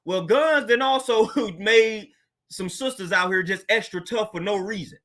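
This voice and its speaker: A man's voice: sits high, normal speed, a bit bright. A man hosting his own show, talking casually in a laid-back, slang-filled monologue and laughing often. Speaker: podcast host.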